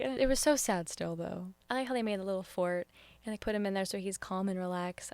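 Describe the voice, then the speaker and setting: An earnest woman talks through her thoughts on a show in a casual review, openly emotional and hesitant at times. Her voice sits at an ordinary middle pitch. It jumps up sharply when she gets excited and drops to soft near-whispers, and the sound is close and dry, with no room echo. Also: fairly quick. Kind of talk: casual spoken review vlog.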